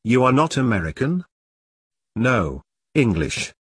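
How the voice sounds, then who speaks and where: A young captured soldier translating for his unit, choosing each word with care in stiff, formal, broken English, as a man reads him. The voice sits at an ordinary middle pitch. The recording is dry and close. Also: very animated, takes it slowly, slightly rough, dry recording, exaggerated voice. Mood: wary. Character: young male Iraqi soldier interpreter, fearful.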